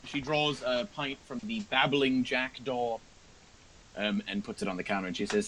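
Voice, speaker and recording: A man narrating as game master of a tabletop game, relaxed and halting. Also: mid-range voice, a little hiss or hum, low-quality recording.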